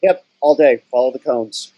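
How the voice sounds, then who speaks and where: A man's voice: medium pitch, moderate pace, highs cut off, background noise, close to an everyday voice. A man reading the part of a menacing, bullying male warehouse guard in a screenplay table reading, barking clipped orders and profane threats. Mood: curt, cold. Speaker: script reader.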